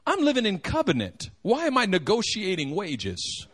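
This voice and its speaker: A man preaching a sermon, animated and joking, acting out the quotes. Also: sits high, normal speed, husky. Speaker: pastor.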